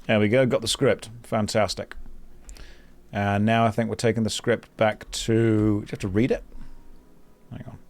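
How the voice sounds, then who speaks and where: A man's voice: fairly low pitch, little pitch movement, moderate pace, long pauses. A man streaming a game, reading quest text aloud and chatting with viewers in a sarcastic, joking way. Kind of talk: casual live-stream chat while gaming.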